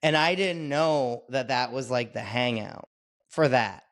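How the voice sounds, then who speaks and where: A man's voice: medium pitch, measured pace, a bit bright, no room sound, clean studio sound. A man, a stand-up comedian, telling stories casually on a podcast, swearing freely and laughing often. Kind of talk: casual profane storytelling.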